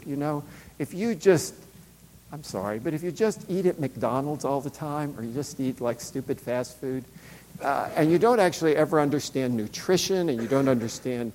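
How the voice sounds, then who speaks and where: Recorded with a long hall reverb, a middle-aged man in a higher, darkish voice shares a personal story. He keeps it conversational and casual, with plenty of fillers and brief quotes he acts out.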